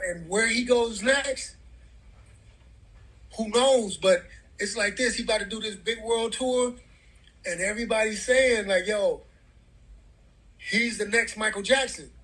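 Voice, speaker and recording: A man's voice: sits high, a bit bright, low-quality recording. A middle-aged man telling a heartfelt story as a guest in an interview, in loose, casual talk full of "man" and "bro".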